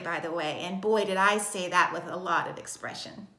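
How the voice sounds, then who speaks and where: A woman teaching a recorded kindergarten lesson in a slow, sing-song voice with exaggerated expression. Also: fairly low pitch, pushed and bright, reverberant. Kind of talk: recorded video lesson for young children.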